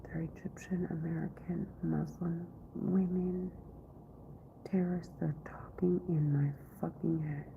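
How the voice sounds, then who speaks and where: Woman vlogger low gravelly voice, slow and halting, half-whispered, tinny phone-like sound. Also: little pitch movement. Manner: halting, often half-whispered, many restarts. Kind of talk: rambling live-stream monologue. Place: office. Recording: tinny phone-like recording, faint noise.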